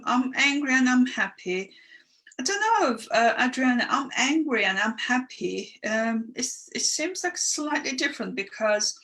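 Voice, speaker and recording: A woman's voice: mid-range voice, vocal fry, bright, forceful tone. A woman hosting a live online workshop, chatty and encouraging as she reads out viewers' comments and guides them. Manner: chatty and encouraging, with frequent ums. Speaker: online workshop host and coach. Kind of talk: live-streamed teaching, reading viewer comments.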